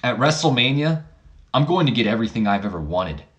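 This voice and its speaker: A man's voice: mid-range voice, big pitch swings, a little fast, highs cut off, natural voice. A man doing a cocky young heir. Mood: defiant. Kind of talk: acted dialogue in a wrestling game playthrough.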